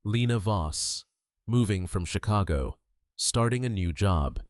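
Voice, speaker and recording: A man reading a dramatic story as a narrator, in a measured storytelling manner. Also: on the low side, expressive, no room sound, studio quality.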